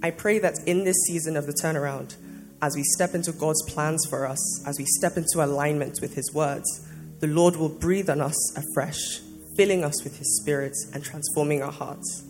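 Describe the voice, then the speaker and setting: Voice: mid-range voice, fairly even intonation, normal speed. A worship leader giving a fervent devotional exhortation and reading scripture aloud. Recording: music playing behind. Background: soft worship music.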